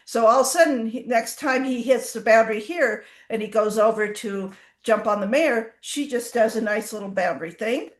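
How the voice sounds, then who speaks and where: A woman horse trainer telling stories in an interview, animated and acting out the horses' reactions. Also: on the high side, normal speed, few pauses, echoey room. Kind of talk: casual storytelling in an interview.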